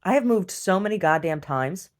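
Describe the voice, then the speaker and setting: Blunt, profane woman with a low voice, venting in a home video diary. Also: expressive, moderate pace. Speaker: video diarist. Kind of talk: casual video diary rant. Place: rural property at home.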